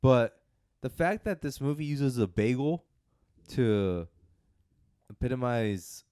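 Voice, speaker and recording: A man's voice: mid-range voice, animated, takes it slowly, warm tone, clean tone, no echo, studio quality. A man co-hosting a casual movie review podcast, teasing his friend and often trailing off mid-sentence. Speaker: podcast co-host.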